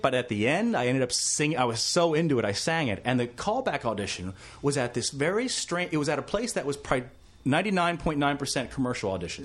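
A man, an actor, telling a story from his career in a casual interview and acting out the other people in it. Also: medium pitch. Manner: animated, acts out other people's lines.

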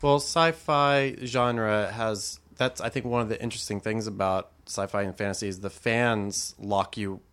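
Mid-pitched thoughtful interview host. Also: steady tone, moderate pace, hardly any pauses, a bit bright. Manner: thoughtful, hesitant, frequent backchannel. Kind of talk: casual interview talk.

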